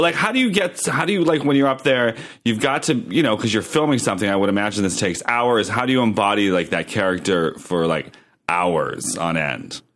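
A man co-hosting a podcast, talking in a rambling, loose way. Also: lowish voice. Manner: rambling, many fillers and restarts. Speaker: podcast co-host. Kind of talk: casual podcast chat.

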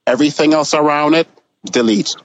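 A man's voice: on the high side, a little fast, muffled recording. A man talking as a podcast guest in casual chat, sassy and blunt, handing out bold punchy advice.

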